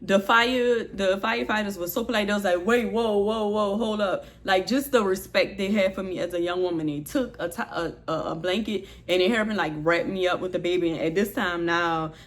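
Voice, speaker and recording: A woman's voice: lowish voice, fairly quick, hardly any pauses. New woman telling her story. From New Orleans, USA. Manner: candid, expressive retelling, heavy use of "like". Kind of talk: storytime vlog.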